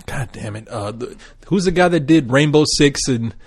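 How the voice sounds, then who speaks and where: A man co-hosting a podcast in casual, rambling chat, cursing freely and getting animated. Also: mid-range voice, normal speed, breathy edge, dry recording, clean studio sound. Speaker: podcast co-host.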